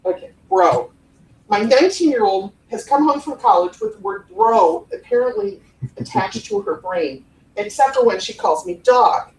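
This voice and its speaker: Speaking at normal speed in a slightly high, gravelly voice, a Cleveland-area woman in her forties leads a lively live workshop on podcast voice technique, acting out tones of voice for the audience. The conference room sounds roomy, captured from a distance with slight background noise.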